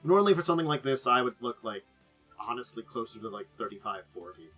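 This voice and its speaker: A man's voice: mid-range voice, lively intonation, fast, fairly bright tone, husky, faint music behind. A man hosting a casual talk show about tabletop games, rambling with many fillers and trailing asides.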